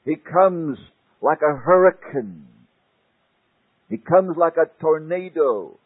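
A husky-voiced man preaching a sermon, swinging dramatically from booming declarations down to hushed near-whispers. He takes his time, dwelling on each phrase. The recording is thin and tinny, like an old sermon tape played down a phone line. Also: expressive, slow pace.

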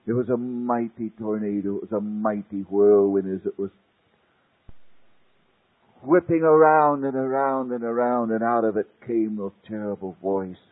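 A man preaching a sermon, swinging dramatically from loud declarations to hushed near-whispers, with a husky voice. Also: lowish voice, unhurried. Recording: tinny phone-like old sermon tape.

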